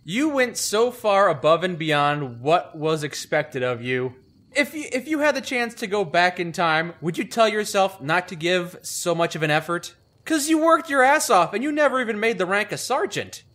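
A man's voice: high-pitched, expressive, normal speed, a bit bright. A man co-hosting a casual chat, asking teasing, wry follow-up questions. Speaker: co-host, interviewer. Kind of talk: casual conversation.

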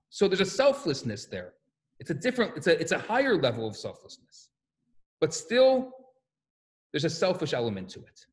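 Rabbi lecturing, lively storyteller, high and very animated voice. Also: male voice. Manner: animated, acts out quotes and stories.

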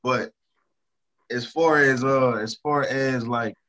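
A Louisiana rapper talking casually in an interview, repeating himself for emphasis and turning quieter when he talks about stress. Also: medium pitch, steady tone, slow pace, lo-fi sound. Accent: Southern US, Louisiana. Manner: emphatic and repetitive, drops to a subdued tone about stress.

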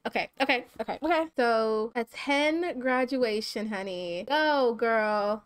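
A woman chatting casually and excitedly as she plays and comments on a life-simulation game. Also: on the high side, measured pace, few pauses, clear, resonant tone, no room sound. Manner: chatty and excitable, many fillers. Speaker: gaming vlogger. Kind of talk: casual let's-play commentary.

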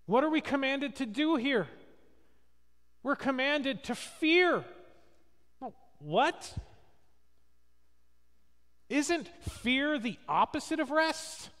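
A man's voice: extremely high pitch, lively intonation, very slow, long pauses, a bit bright. A male pastor preaching a sermon, telling stories with acted quotes and asking rhetorical questions. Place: church sanctuary. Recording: long reverb of a church hall.

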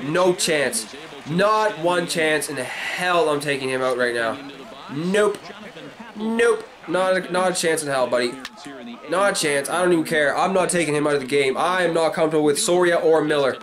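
A man with a high voice gives excitable live gameplay commentary, swearing and shouting at what happens on screen. Loud stadium crowd noise from the game sits behind his voice. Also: normal speed, poor audio. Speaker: gaming commentator.

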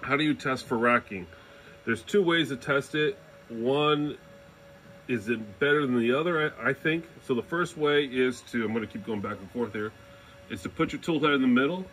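A man's voice: mid-range voice, moderate pace, fairly bright tone, a little hiss or hum, rough recording. A man giving a casual hands-on tutorial, talking loosely and checking in with the viewer as he demonstrates. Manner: informal, loose phrasing, demonstrates while explaining, checks in with "right?". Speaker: 3D printing hobbyist demonstrating.

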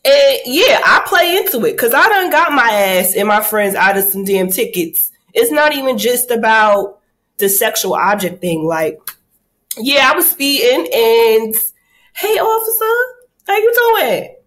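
A woman hosting a casual talk show, telling lively stories with acted-out quotes and casual swearing. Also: fairly high pitch, a little slow. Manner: candid, animated storytelling with acted-out quotes. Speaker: host. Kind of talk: casual chat.

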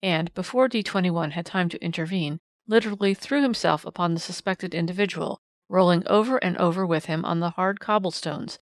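A woman voicing a quiet, nervous old man calmly recounting a case in a storybook reading. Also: on the low side, fairly quick, hardly any pauses, no room sound, clean studio sound, natural voice.

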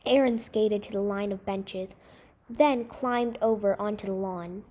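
A woman narrating a short story aloud in a measured, expressive storytelling manner. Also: mid-range voice. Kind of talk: scripted story reading.

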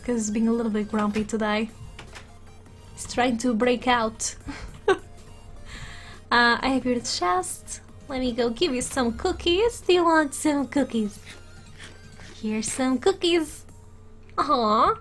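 A high-pitched woman narrating her game in an unhurried, drawn-out way. She is giggly and excitable and coos at her virtual pets, and she sounds a little under the weather. Soft music plays faintly beneath her. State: a little sick. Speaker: let's play gamer. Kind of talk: casual game commentary.

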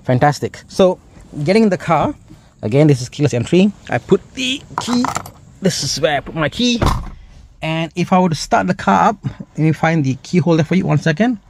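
A man's voice: fairly high pitch, expressive, a little fast, a little hiss or hum. A middle-aged man with a Malaysian English accent, chatting enthusiastically through a car walkaround with lots of exclamations. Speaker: car reviewer.

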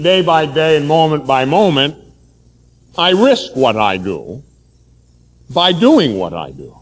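A man, a Catholic priest, preaching a sermon forcefully, telling stories from his own life. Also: mid-range voice, big-room sound.

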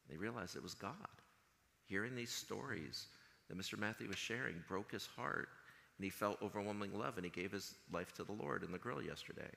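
A man giving an earnest chapel talk to high school students, telling stories and acting out what others said. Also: a little fast, gravelly, sharp tone. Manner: earnest storytelling, quotes others in conversation. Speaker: school chaplain. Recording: long hall reverb.

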